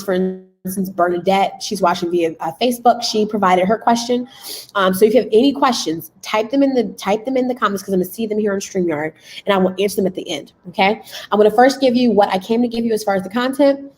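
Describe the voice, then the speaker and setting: Chatty, excitable young woman host. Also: mid-range voice, rough recording. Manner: chatty and excitable, many fillers and repeats. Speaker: channel host and business coach. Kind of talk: casual livestream training. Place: school classroom.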